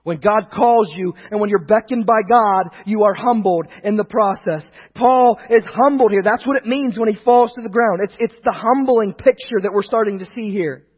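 A male pastor with a high, husky voice preaches with emphasis. He slows and swells on key lines, then sinks low and soft for asides. The recording is dull and lo-fi, with long reverb. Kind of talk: sermon.

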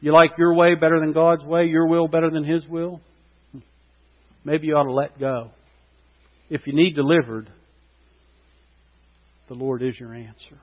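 A man's voice: on the high side, steady tone, a little slow, pauses often. Man preaching a sermon in an echoing hall. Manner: impassioned preaching that swells loud at key points. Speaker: pastor. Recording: long hall reverb, dull lo-fi sound.

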